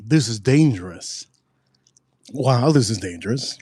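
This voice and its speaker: A man hosting a casual live tasting review, excitable and repeating himself for emphasis. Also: mid-range voice, a little slow, pauses often, breathy edge, no room sound, studio quality. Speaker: spirits reviewer host.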